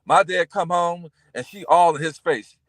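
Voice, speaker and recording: A man's voice: on the high side, moderate pace, a bit bright, no echo. A man in his fifties telling stories in a casual chat, acting out the people in them. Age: 50s.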